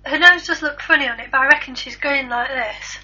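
High, bright-voiced woman, crude banter. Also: a little fast, slight background noise. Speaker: podcast co-host. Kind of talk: casual chat. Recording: lo-fi home recording.

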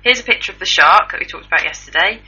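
A woman's voice: on the low side, lively intonation, quick pace, sharp tone, husky, highs cut off. Chatty, wry woman on radio. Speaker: radio co-host. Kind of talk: casual chat reading out news stories.

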